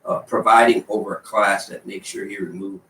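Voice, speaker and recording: A man's voice: on the low side, level tone, brisk, reverberant, far from the mic, very noisy. A man hosting a radio show, bantering casually and teasing his co-host with frequent laughs.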